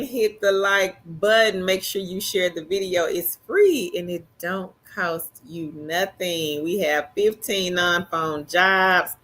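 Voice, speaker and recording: Lady hosting a livestream, real slow and homey, reading off the chat. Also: mid-range voice, a bit bright. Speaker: livestream co-host. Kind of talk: casual livestream chat, reading viewer comments.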